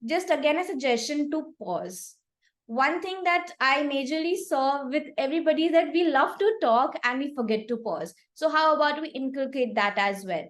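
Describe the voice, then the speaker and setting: A young woman with a high voice gives warm, encouraging feedback at a speaking club meeting. She praises each speaker in turn and offers a gentle suggestion to each. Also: lively intonation, moderate pace. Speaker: table topics evaluator.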